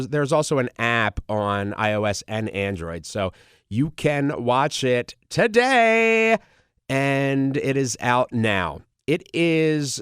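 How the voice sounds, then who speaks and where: A man's voice: medium pitch, clear, resonant tone, dry recording, studio quality. A male podcast host talking casually and eagerly, nasal and congested from a cold, with plenty of fillers. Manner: chatty, enthusiastic, many fillers. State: congested, under the weather. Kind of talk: casual solo podcast talk.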